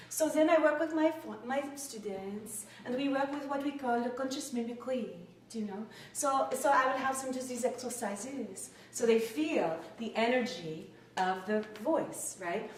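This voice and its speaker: A woman, an acting professor and dialect coach, giving an animated lecture and demonstrating sounds aloud. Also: on the high side, measured pace, recorded from a distance. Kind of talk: lecture talk. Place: lecture room, indoors. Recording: echoey room, picked up from afar.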